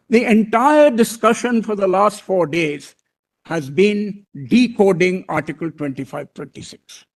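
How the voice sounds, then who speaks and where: A man with an Indian English accent, a senior advocate making a deliberate, deferential legal argument before a court bench. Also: high-pitched. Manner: deliberate, deferential, repeats "my lord" often.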